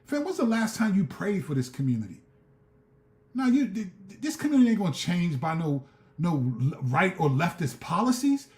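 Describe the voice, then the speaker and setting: A man's voice: high voice, sing-song, normal speed, mellow, echoey room. A man hosting a live stream, reading scripture and ranting fervently in street slang, often repeating himself. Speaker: show host.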